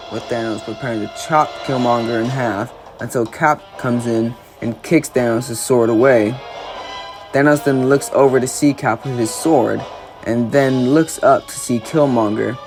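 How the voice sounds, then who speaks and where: Man narrating a superhero fan story. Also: mid-range voice. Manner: steady play-by-play storytelling.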